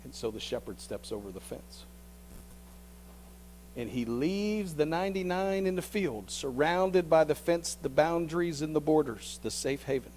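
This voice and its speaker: A male pastor preaching a sermon as a vivid story, often repeating words and dropping into hushed tones. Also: on the high side, expressive, moderate pace, a little hiss or hum, poor audio.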